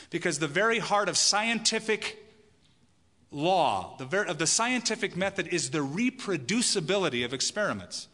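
A man's voice: fairly high pitch, bright, forceful tone. A man preaching a sermon to a congregation as pastor, emphatic and asking the listeners questions. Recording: long hall reverb.

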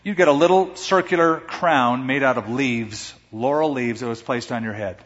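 A man's voice: medium pitch, moderate pace. A man preaching a sermon as pastor, emphatic and rising to strong peaks of emphasis. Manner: emphatic preaching with dramatic swings in loudness. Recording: echoey hall, dull muffled sound.

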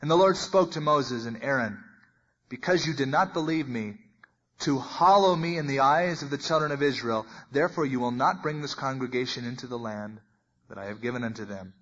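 A man preaching a sermon and teaching verse by verse, talking in a conversational way and acting out the voices in the passage, with big swings in loudness. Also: mid-range voice, fairly quick. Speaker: pastor. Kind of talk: expository Bible teaching. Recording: muffled lo-fi recording.

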